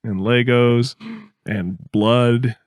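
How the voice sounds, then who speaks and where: A man's voice: medium pitch, fairly even intonation, drawn-out words, dry recording. Laid-back man on a podcast, dry sound. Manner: laid-back, chuckles often, acts out quotes. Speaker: podcast co-host. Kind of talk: casual chat.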